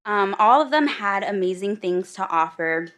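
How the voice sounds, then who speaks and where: A woman's voice: mid-range voice, expressive, moderate pace, fairly bright tone. A mother giving an emotional prepared public comment at a school board meeting, close to tears.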